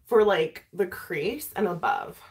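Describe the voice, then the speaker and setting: A woman's voice: medium pitch, takes it slowly. A woman vlogger chatting casually while doing her makeup, talking freely, laughing often and swearing. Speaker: beauty vlogger.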